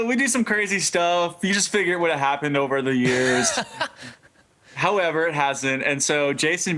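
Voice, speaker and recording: A man of middle pitch tells a story over a video call in a loose, rambling way. He trails into fillers and chuckles mid-sentence as a relaxed interview guest. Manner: laid-back, rambling, laughs mid-story. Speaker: band member guest.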